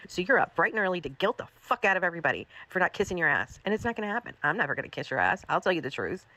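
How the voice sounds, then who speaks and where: Fast-talking exasperated ranting woman. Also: on the low side, sing-song, sharp tone, no room sound. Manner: profane, exasperated, repetitive. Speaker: commentary livestream host. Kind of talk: ranting commentary.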